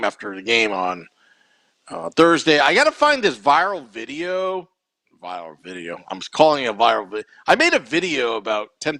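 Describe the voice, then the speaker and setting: A man's voice: medium pitch, vocal fry, bright, forceful tone, dry recording. A man hosting a podcast alone, chatting casually and rambling with many fillers. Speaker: podcast host. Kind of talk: casual solo podcast talk.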